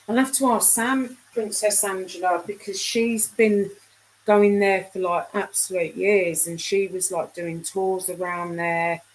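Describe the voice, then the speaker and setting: A woman's voice: fairly low pitch, poor audio. A middle-aged woman chatting casually with viewers on a live stream, rambling and trailing off mid-sentence. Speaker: livestream host.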